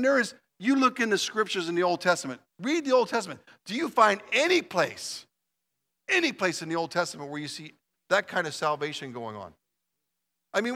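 Animated male pastor preaching. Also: fairly high pitch. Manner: conversational, animated preaching with acted-out voices. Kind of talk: sermon.

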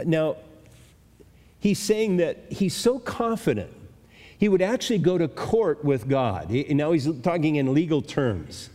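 An older male pastor teaching a Bible passage in a conversational sermon, pausing and restarting as he thinks aloud. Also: fairly high pitch, animated, warm tone. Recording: long reverb of a large hall.

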